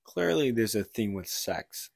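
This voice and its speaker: A man's voice: fairly low pitch, very animated, a little slow, creaky, breathy edge, no room sound, clean studio sound. A man co-hosting a casual podcast, retelling a book plot in a rambling way and acting out the characters' lines. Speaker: podcast co-host.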